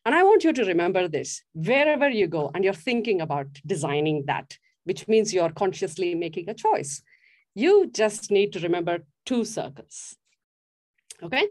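Middle-aged woman, motivational stage speaker, lively up-and-down delivery, engages the crowd with questions. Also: mid-range voice, moderate pace. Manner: animated, asks the audience questions. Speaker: speaker giving a talk on design. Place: stage before a live audience.

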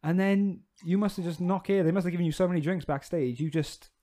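A man's voice: high voice, fast. A young man in casual banter, teasing his friend and joking. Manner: teasing, joking, loud laughs. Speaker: podcast co-host.

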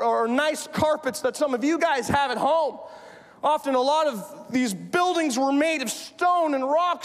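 A man preaching a sermon in a church, telling a story with lively, often shouted delivery. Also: very high-pitched. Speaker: pastor. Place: church sanctuary. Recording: echoey church hall.

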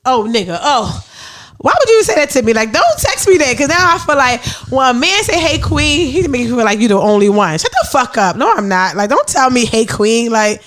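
A woman's voice: a little high, very animated, a little fast, hardly any pauses, a bit bright. A woman hosting a podcast in casual chat, blunt and profane, laughing often. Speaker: podcast host.

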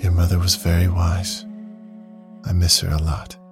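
A man reading the part of a calm, thoughtful woman, speaking in a measured, reflective way with a husky, creaky voice. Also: low voice, over music.

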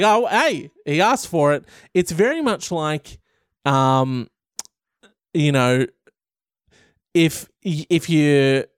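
A man doing comic commentary while reading an article aloud, animated and profane. His voice is smooth and a bit high for a man. The recording is dry and close. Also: no room sound.

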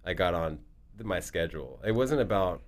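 A man's voice: deep voice, lively intonation, a little fast. A man chatting casually as a guest, telling a long story with lots of fillers and restarts. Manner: rambling, with many fillers and restarts.

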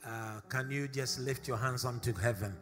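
A man's voice: medium pitch, fairly even intonation, moderate pace, over music. A man preaching a sermon to a congregation. He leads a prayer, repeats key phrases for emphasis and calls on the listeners to answer back. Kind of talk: sermon with prayer and call-and-response. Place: church service.

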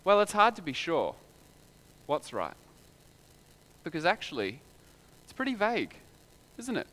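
A man's voice: a little high, huge pitch swings, a little slow, pushed and bright. A man preaching a sermon in a conversational way, full of rhetorical questions.

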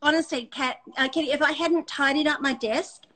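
An Australian woman hosting a casual chat, effusive and full of quick restarts. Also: high-pitched, steady tone, pushed and bright, low-quality recording. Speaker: host.

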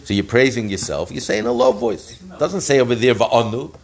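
A man's voice: mid-range voice, brisk. A middle-aged man teaching a daily Talmud page lesson, reading each phrase and explaining it in plain words, often correcting himself as he goes.

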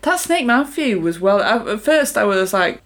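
A woman's voice: medium pitch, sing-song, moderate pace. Chatty woman reacting to a film. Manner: chatty, agreeable, breaks into short frustrated rants. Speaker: podcast co-host. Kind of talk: casual chat.

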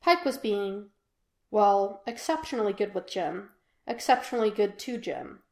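A woman reading a fan fiction audiobook in an even, unhurried storytelling voice. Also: medium pitch. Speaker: podfic reader. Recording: echoey room.

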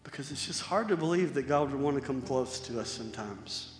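A man preaching a sermon in a conversational style, moving between loud emphasis and soft, quiet passages. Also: medium pitch, expressive, a little fast, in a large hall, faint music behind. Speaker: pastor.

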